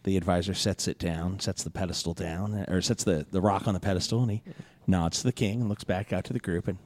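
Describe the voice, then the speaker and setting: A man's voice: low-pitched, steady tone, darkish tone, dry recording. Man running a tabletop game. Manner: voices the king's advisor in character, brisk table directions. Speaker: game master.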